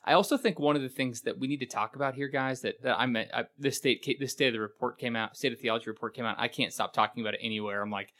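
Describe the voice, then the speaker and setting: A man's voice: mid-range voice, quick pace, hardly any pauses, fairly bright tone. A man co-hosting a discussion podcast, talking earnestly and emphatically about church teaching. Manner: earnest, emphatic, runs sentences together. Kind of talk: casual discussion.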